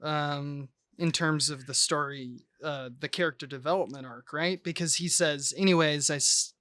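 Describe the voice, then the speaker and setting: Male podcast co-host, a bit above average pitch, dry close sound; relaxed and agreeable, laughs easily. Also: normal speed, no room sound. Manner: agreeable, laughs often, chimes in. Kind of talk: casual film discussion.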